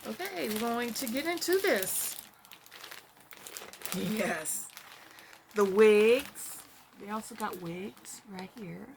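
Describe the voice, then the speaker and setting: Talking to herself as she unboxes something, a chatty vlogger rambles along with trailing fillers, pausing often. She takes her time, and her slightly high voice has some vocal fry. There's noticeable noise in the background.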